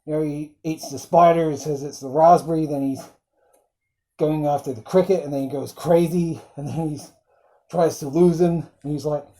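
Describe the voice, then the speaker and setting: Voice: mid-range voice, steady tone, normal speed, warm tone, poor audio. A film reviewer recapping scenes in casual chat, rambling with frequent ums and acting out quoted lines in bursts.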